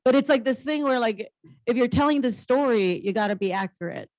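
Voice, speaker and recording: A woman's voice: fairly high pitch, lively intonation, a little fast, no echo, low-quality recording. A woman comedian and actress on a panel, telling stories in a blunt, humorous, candid way and swearing casually. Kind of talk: candid conversational storytelling.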